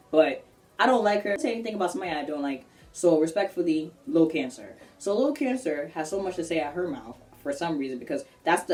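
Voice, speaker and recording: A young woman telling a personal story in a casual vlog, animated and slangy, acting out what people said. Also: deep voice, distant mic. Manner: animated, slangy, acts out quotes.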